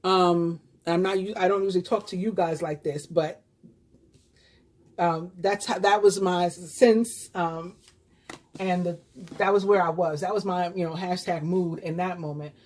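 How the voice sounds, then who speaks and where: A woman's voice: fairly low pitch, steady tone, unhurried, darkish tone. A woman in her fifties from New York with a New York accent, a tarot reader telling a personal story to her viewers in a chatty, rambling way full of fillers and restarts. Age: 50s.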